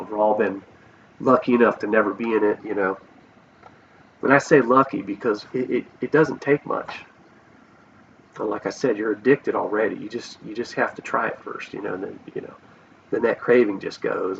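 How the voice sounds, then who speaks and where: A man's voice: on the low side, creaky, distant mic. A man vlogging a personal story, earnest and rambling, with many restarts, on a dull lo-fi recording with faint hiss.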